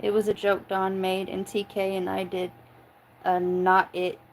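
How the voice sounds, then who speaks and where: On a casual tarot livestream, a talkative woman from Oklahoma answers chat loosely, swearing, cracking jokes, and laughing a lot. Her medium-pitched voice barely moves in pitch and runs a little slow. Poor audio carries a slight hiss or hum.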